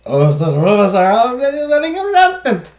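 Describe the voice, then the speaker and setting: A streamer voicing an eager, chatty household servant with a mock French accent that comes out sounding German, in a high, sing-song voice. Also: moderate pace. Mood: gushing. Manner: gushing, speeds up with excitement. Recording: roomy echo.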